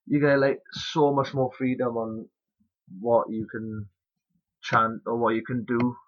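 A man's voice: medium pitch, level tone, a little slow. Rambling man hosting a podcast. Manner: rambling, loose, swears casually. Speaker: podcast host. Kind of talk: casual chat. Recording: muffled lo-fi podcast audio.

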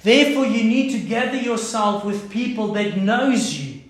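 A man with a South African accent preaching a sermon, passionate and then hushed by turns. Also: sits high, animated, moderate pace, reverberant, poor audio. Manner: impassioned preaching, swinging from loud to hushed. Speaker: pastor.

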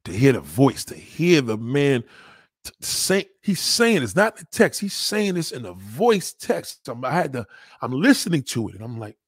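Husky-voiced man talking on a livestream. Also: mid-range voice, big pitch swings, normal speed, no room sound, studio quality. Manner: rambling, emphatic and profane, swings between loud and quiet. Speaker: livestreamer taking donations. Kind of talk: casual livestream talk.

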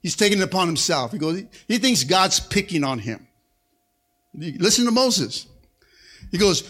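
A man's voice: high voice, very animated, normal speed, pauses often, slightly rough. A male pastor preaching a sermon to a congregation, fervent and rousing, with frequent calls of amen and come on. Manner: fervent preaching with call-and-response, punctuated by shouted amens. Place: church service before a congregation.

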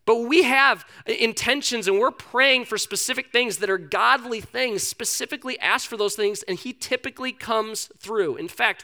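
A man's voice: high-pitched, creaky, bright, forceful tone. A man preaching a sermon in a conversational, storytelling way. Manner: conversational storytelling, acts out characters.

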